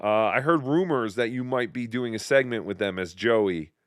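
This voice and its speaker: A man hosting a casual livestream, reading viewer messages and riffing with jokes and quick impressions. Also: medium pitch, dry recording, studio quality. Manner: riffing, jokey, slips into silly impressions. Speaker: show host.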